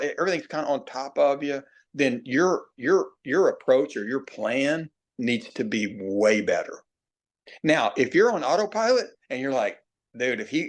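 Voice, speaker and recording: A middle-aged man, a baseball hitting coach, talking in a podcast interview. He tells folksy stories, acts out quoted players and slows down to stress key points. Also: on the high side. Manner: plainspoken, repeats himself, drawn-out emphasis.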